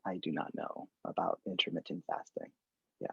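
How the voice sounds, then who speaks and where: A man talking as a therapist in a live online conversation, candid and animated, acting out examples from his work. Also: sits low, normal speed, creaky, husky, dry recording, muffled recording.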